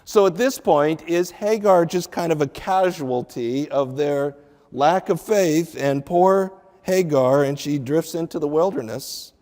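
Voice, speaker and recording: A man preaching slowly and deliberately, with a fairly high voice. He teaches from the Bible and acts out the dialogue of the people in the story with feeling. A long reverb of a large hall trails after his words. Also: darkish tone. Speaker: pastor. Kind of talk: sermon.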